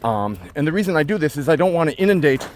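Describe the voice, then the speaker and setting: A man working as a dog trainer, explaining his methods while out in a forest and often slipping into high baby talk with the dog. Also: sing-song, quick pace, darkish tone, a little hiss or hum. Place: outdoors in a state forest.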